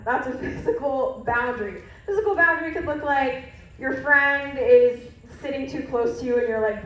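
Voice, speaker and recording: A woman youth pastor gives a playful, talkative sermon, often addressing the crowd directly. Her voice sits high. She is recorded from across a large hall, so heavy echo surrounds every word. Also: expressive, fairly quick, a little hiss or hum. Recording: echoey hall from far off.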